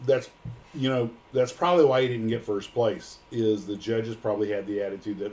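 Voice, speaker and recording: A man's voice: lowish voice, normal speed, darkish tone. An American man hosting a casual livestream, joking and rambling with plenty of fillers. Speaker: livestream host.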